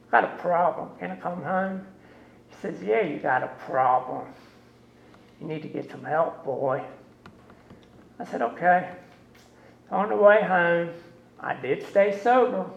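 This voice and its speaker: Guy w a gravelly voice, slow storytelling, roomy muffled meeting hall recording. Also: on the high side, slight background noise. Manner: slow, plain-spoken storytelling with quoted dialogue. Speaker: recovering alcoholic sharing his story. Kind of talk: personal testimony at a recovery meeting.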